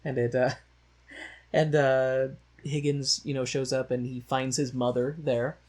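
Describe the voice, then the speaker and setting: A man's voice: medium pitch, level tone, a little slow, a little mellow. A man co-hosting a podcast, recapping a musical in a loose, rambling, joking way with many fillers. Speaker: podcast co-host. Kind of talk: casual chat recapping a musical.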